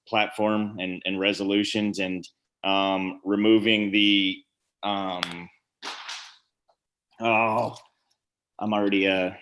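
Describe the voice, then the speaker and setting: A man testifying to a committee over a video call, hurried and hesitant with many fillers. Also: on the low side, flat delivery, a bit bright, slight background noise. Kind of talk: public testimony.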